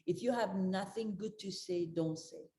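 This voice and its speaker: A woman's voice: medium pitch, unhurried, warm tone. An older woman giving a motivational talk as a spiritual life coach, earnest and direct, repeating her key advice to the listeners. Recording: roomy echo.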